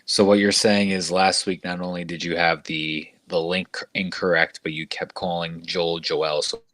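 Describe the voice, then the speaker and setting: A young man with a very deep voice co-hosts a casual sports podcast. He talks in a laid-back, teasing way, and the recording is dry and close. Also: level tone, normal speed, a bit bright, no echo. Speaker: podcast co-host.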